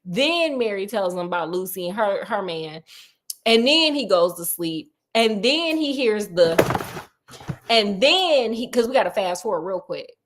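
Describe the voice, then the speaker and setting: A woman's voice: medium pitch, lively intonation, unhurried, background noise. A woman retelling a story in a casual, chatty way, with digressions and laughing asides.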